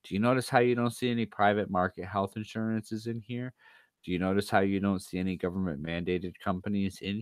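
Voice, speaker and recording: Tired, low-voiced man ranting on a stream. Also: dry recording. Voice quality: profane, sarcastic. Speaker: livestreamer. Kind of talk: casual ranting livestream talk.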